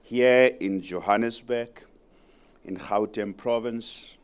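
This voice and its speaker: A fairly low-voiced South African man addresses a conference hall from the podium. His delivery is formal and measured, and he leans hard on repeated phrases to press his points home. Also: clear, resonant tone. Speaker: provincial premier giving a speech. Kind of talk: formal public speech.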